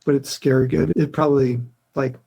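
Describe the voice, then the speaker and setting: Husky, mellow-voiced man with dry humor. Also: medium pitch, flat delivery, brisk, dull audio. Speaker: podcast host. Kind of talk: casual chat.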